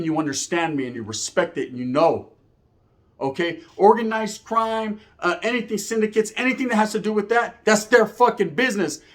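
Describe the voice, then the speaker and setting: A young man telling a personal story to camera in streetwise slang, full of profanity and "right?" tags. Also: high-pitched. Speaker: YouTube storyteller.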